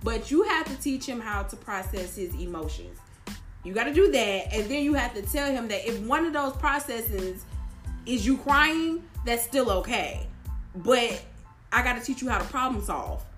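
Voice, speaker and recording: A woman's voice: fairly high pitch, expressive, moderate pace, fairly bright tone, faint music behind. A woman co-hosting a casual chat, frank and advice-giving. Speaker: podcast co-host.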